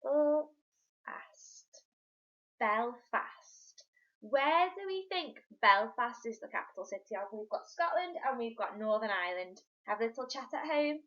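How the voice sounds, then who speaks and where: A woman teaching a remote lesson to young children, slow and encouraging, in a sing-song teacher's voice. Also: on the high side, animated, a bit bright. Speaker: primary school teacher. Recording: dull lo-fi sound.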